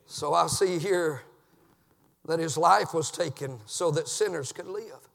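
A man preaching an impassioned sermon in a church, dropping to low murmurs and climbing to shouted peaks. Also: unhurried, vocal fry, big-room sound.

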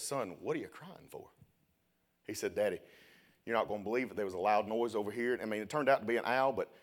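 Starting from a story, a young preacher with a rather low-pitched voice works his sermon up until he's shouting it loudly.

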